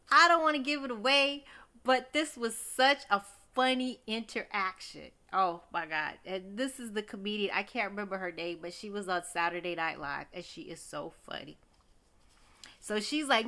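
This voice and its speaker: A woman's voice: medium pitch, pushed and bright. A woman recapping a TV episode in a chatty, gossipy way, exclaiming often and talking straight to her viewers. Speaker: TV recap host.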